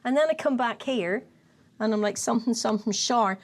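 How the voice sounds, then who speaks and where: A woman's voice: a little high, brisk. An Irish woman from County Kerry, co-hosting a casual chat and telling stories with laughing asides. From Ireland. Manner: animated storyteller, lots of laughing asides. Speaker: co-host.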